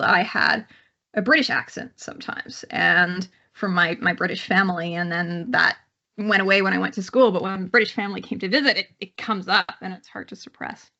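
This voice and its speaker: A woman with a Canadian accent teaches psychology in a live online lecture, talking conversationally with many fillers and restarts. Her medium-pitched voice is creaky with a sharp tone, and the audio sounds dull.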